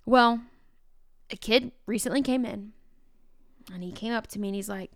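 Teacher-host woman, casual storyteller, a touch of vocal fry, dry close mic. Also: a little high, normal speed, pauses often, no room sound. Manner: animated, acts out students' voices in quotes.

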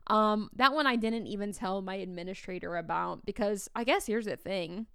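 A woman in her upper thirties tells a classroom story on a podcast, slipping into quoted dialogue with plenty of "like" and "um." Her voice is smooth and clear, recorded close and dry. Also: mid-range voice, normal speed, no echo. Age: 30s. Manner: animated, acts out quoted dialogue, many fillers. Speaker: teacher and podcast host. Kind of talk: casual storytelling monologue.

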